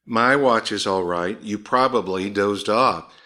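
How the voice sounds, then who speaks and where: A man voicing a worried middle-aged father waiting up for his children at night, speaking a little above his own pitch. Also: a little slow, bright, forceful tone. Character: anxious middle-aged father staying up late.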